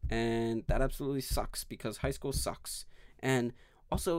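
A man's voice: medium pitch, moderate pace, clean tone, no echo, studio quality. Young man ranting on a podcast. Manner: rambling and profane, swinging between mumbles and loud outbursts. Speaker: podcast host. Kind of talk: casual solo podcast rant.

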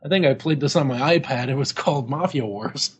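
A man's voice: medium pitch, a little fast, slightly rough. A man co-hosting a podcast, chatting casually about an old game magazine, joking and swearing freely. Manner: jokey, swearing, laughing often. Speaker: podcast co-host.

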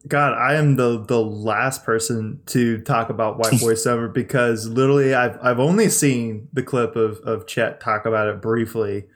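Dude co-hosting a podcast, lots of um and like, kinda halting. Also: male voice, medium pitch, fairly even intonation. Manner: halting, filler-heavy commentary. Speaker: podcast co-host. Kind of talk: casual podcast chat.

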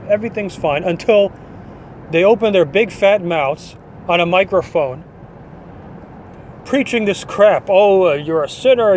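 A man hosts a podcast and rants through his opinions in a blunt, dismissive way. His voice sits a little high for a man. A faint city hum runs underneath. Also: a little mellow. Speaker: podcast host. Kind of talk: opinion monologue.

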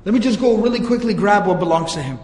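A man doing a rattled, hurried chieftain. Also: high voice, a little mellow, natural voice. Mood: nervous. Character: arrogant male tribal chief, suddenly fearful and eager. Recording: echoey hall.

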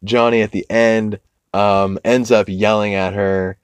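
A man's voice: lowish voice, level tone, unhurried, clear, resonant tone, no room sound. A young man hosting a podcast, recapping cartoons in a loose, rambling way, swearing freely. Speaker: podcast host.

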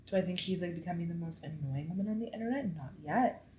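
A woman in her twenties hosting a casual solo podcast, chatty and animated, swearing freely as she tells stories. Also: lowish voice, fast talker, slight background noise. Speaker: podcast host. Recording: echoey room.

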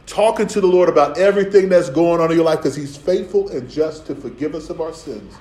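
Streetwise preacher in an echoey room. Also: male voice, fairly high pitch, darkish tone. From Philadelphia. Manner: streetwise preaching with playful asides and acted-out voices. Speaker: pastor. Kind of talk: sermon.

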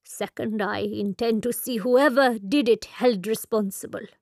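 A woman voicing a quiet, resolute nun. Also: on the high side, fairly even intonation, unhurried, dry recording, clean studio sound. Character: Catholic nun, grieving and resolute. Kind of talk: audiobook character voice.

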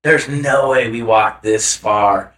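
A man's voice: lowish voice, takes it slowly, a bit bright, roomy sound. A young man co-hosting a casual podcast chat, rambling with lots of filler words and swearing. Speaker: podcast co-host.

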